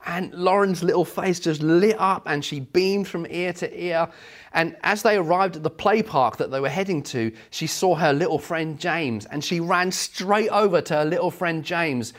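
Casting: middle-aged male preacher, slightly higher voice, animated storyteller. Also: normal speed. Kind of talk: sermon.

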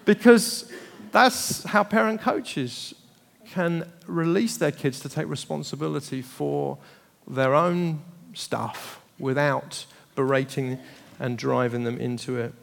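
A man preaching as a pastor, animated and acting out family dialogue with laughter. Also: a little high, slow, vocal fry. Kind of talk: sermon. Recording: long hall reverb.

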